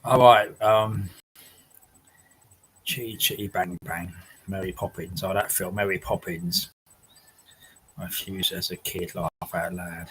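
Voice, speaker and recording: Speaking slowly with frequent pauses, a man with a low, slightly bright voice and fairly even intonation hosts a casual livestream from home. He reads viewer comments in a rambling chat, laughing often and swearing now and then. The audio is poor, with a little hiss or hum.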